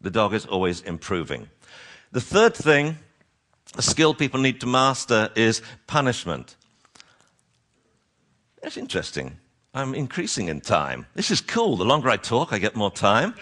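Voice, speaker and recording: Animated man giving a talk. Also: mid-range voice, unhurried, long pauses. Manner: animated, acts out owners and dogs in funny voices. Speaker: dog trainer giving a short talk. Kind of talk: lively lecture to an audience.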